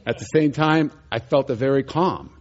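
A male preacher telling a testimony story in his sermon, animated and chuckling, acting out the people he met. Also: medium pitch, normal speed, muffled recording.

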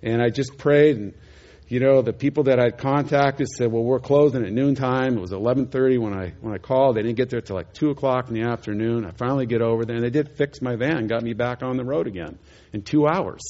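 A male preacher telling a testimony story in his sermon, animated and chuckling, acting out the people he met. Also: medium pitch, fast, muffled recording.

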